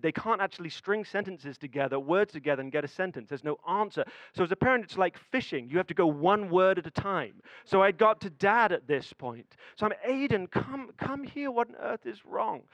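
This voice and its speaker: A man's voice: high-pitched, fairly bright tone, dry recording, rough recording. A man preaching a sermon, telling a family story with building suspense and acted-out dialogue.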